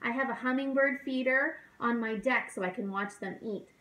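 A woman who is a children's librarian, leading a toddler storytime in a gentle, encouraging, sing-song teacher voice. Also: a little high, normal speed. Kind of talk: speaking slowly and simply to toddlers. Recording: roomy echo.

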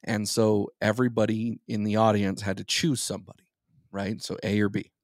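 Guy with a low voice on a podcast thinking out loud, very dry mic. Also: little pitch movement, a little fast, dry recording. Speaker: podcast co-host. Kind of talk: casual chat.

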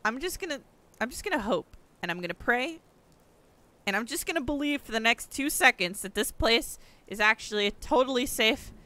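A young woman giving excitable let's play commentary, swearing often and yelping at the screen. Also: fairly high pitch, a little fast. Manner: excitable, swears a lot, yelps and shouts at the screen. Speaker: gaming streamer.

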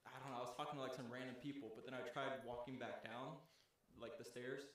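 A man's voice: mid-range voice, fairly even intonation, fast talker, fairly bright tone. Young man rambling in an echoey room. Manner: rambling, filler-heavy, profane. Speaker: podcast host. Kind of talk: casual storytelling among friends.

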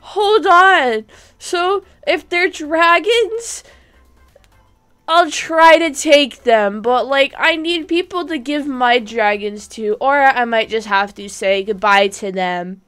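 A young woman live-streaming a game, chatting casually and excitably with bursts of giggles and squeals. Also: high voice, slow.

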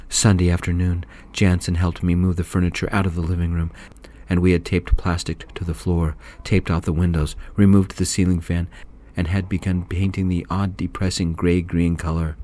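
A man narrating a story in a calm, soft-spoken whispered role-play. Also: low voice.

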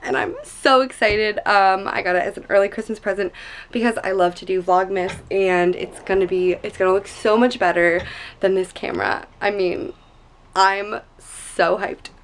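A young woman chatting casually in a home vlog, bubbly and excitable, rambling with many fillers. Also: mid-range voice, moderate pace, slight background noise, low-quality recording. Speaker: vlogger.

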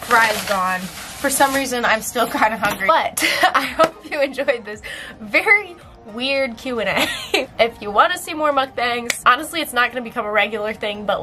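A woman's voice: a little high, low-quality recording. A young woman vlogging in a casual, chatty way, with plenty of filler words and laughs. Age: young adult. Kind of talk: casual chat.

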